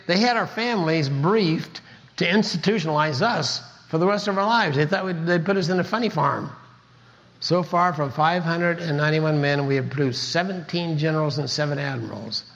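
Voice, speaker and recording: A man's voice: a little high, vocal fry, a bit bright, highs cut off. An older man from Kansas giving an earnest motivational talk, telling his story with emphatic repetition. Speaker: speaker.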